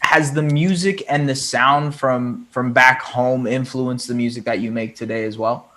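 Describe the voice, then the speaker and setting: A man's voice: medium pitch, fairly even intonation, moderate pace, pushed and bright. A man hosting a podcast interview, easygoing and agreeable, often tacking "man" onto his lines. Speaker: podcast host. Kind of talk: casual interview chat.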